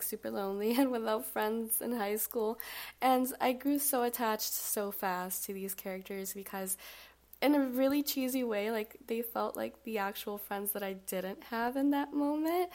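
Young female podcast guest from Miami, hoarse from illness, sincere and chatty. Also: mid-range voice, darkish tone. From Miami, United States. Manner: earnest, open, with frequent fillers. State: sick, hoarse voice. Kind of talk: casual podcast chat.

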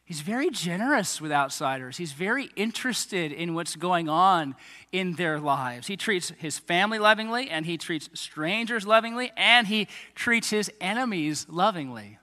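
A man in his thirties, a pastor giving a lively sermon to children and families, with chatty asides to kids and parents. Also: high voice, normal speed. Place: church hall. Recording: echoey hall reverb.

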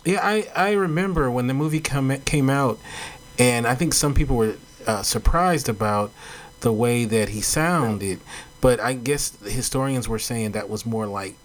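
A man's voice: mid-range voice, a little slow. Guy asking questions in an interview, laid back, lots of ums. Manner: relaxed, rambling questions with fillers.

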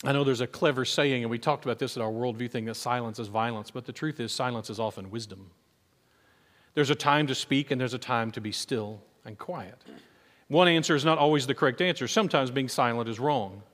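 A man preaching a sermon as pastor, telling stories in an animated way and acting out the voices of people he quotes. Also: mid-range voice, brisk, in a large hall.

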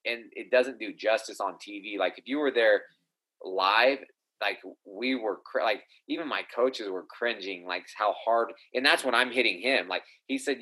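A man talking casually as a guest, halting and repeating words as he thinks. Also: fairly low pitch, pushed and bright, poor audio. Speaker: guest fighter. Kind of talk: casual chat.

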